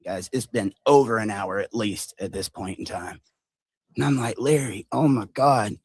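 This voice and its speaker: A man telling a long story on a livestream, animated and mimicking the people in it. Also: on the low side, normal speed, slightly rough, no room sound, clean studio sound. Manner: animated retelling, mimics others' voices.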